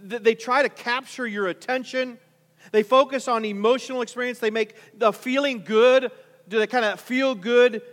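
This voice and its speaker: A man's voice: high-pitched, fairly bright tone, in a large hall. A male pastor preaching a conversational sermon, full of rhetorical questions and repeated restarts.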